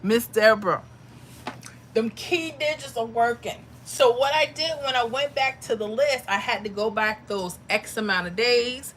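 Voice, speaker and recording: A woman's voice: a little high, unhurried, fairly bright tone, a little hiss or hum. A woman hosting a lottery livestream, chatting casually with viewers and calling them mama and honey. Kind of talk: casual livestream chat reading comments.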